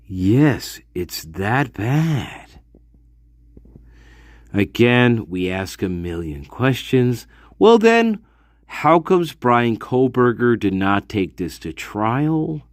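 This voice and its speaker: A man's voice: medium pitch, dry recording. A man hosting a casual true-crime commentary, rambling and swearing with sudden outbursts. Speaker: host of a true-crime discussion channel.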